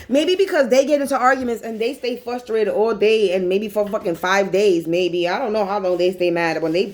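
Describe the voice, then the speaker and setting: A woman's voice: medium pitch, a little mellow, poor audio. A woman vlogger in a rambling casual monologue, talking bluntly and profanely.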